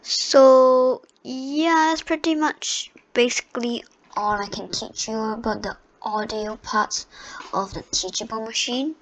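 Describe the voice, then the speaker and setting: A woman's voice: a little high, slow pace, a little hiss or hum. A woman giving a casual screen-recorded tutorial into her computer microphone, chatty and unpolished, with many fillers and restarts. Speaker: tutorial host.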